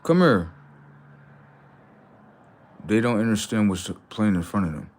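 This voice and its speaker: A man's voice: lowish voice, expressive, a little slow, a little mellow. A man hosting a casual livestream, mocking and scolding his chat with teasing, repetitive remarks. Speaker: livestream host.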